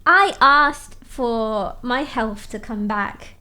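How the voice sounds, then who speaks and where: High-voiced, unhurried, playful woman streamer. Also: pushed and bright. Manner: playful, teasing, chatty. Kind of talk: casual chat reading out viewer messages.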